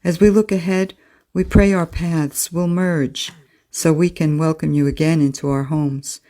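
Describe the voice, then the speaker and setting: Low-voiced woman reading a heartfelt letter. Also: little pitch movement, mellow. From United States. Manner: measured, earnest. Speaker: listener message reader.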